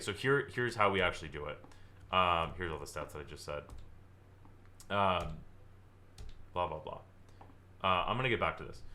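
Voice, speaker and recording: A man from Southern California giving a live online sales training, energetic and acting out client conversations to make his points. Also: deep voice. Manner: energetic, acts out client dialogue, exaggerates for effect.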